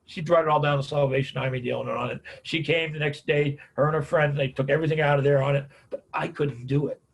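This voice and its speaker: Folksy man with a gravelly, husky voice. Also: on the high side. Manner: folksy storyteller, repeats "man, on it". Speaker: caregiving speaker. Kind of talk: webinar talk with anecdotes.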